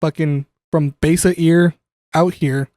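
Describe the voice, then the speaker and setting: This young man talks a little higher than most men. He tells a long, profane story in loose podcast chat, laughing often and slipping into the voices of the people in it. His voice sounds close and dry. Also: steady tone, takes it slowly, a little mellow, no room sound. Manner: profane, laughing, acts out quoted dialogue. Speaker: podcast co-host.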